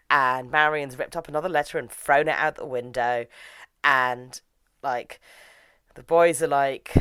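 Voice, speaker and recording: A woman's voice: a bass voice, dry recording. A woman, casually retelling an anime episode in a chatty review, with lots of "like" as filler.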